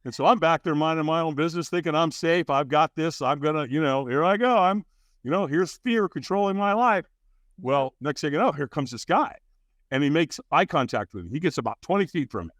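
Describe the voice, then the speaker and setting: A man guesting on a podcast, telling his story with a lively, wide-ranging voice pitched slightly high. He slips into the other characters' lines with sudden jumps in pitch. The sound is close and dry, with no room in it. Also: a little fast, no echo. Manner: acts out dialogue with big jumps in pitch. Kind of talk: animated storytelling.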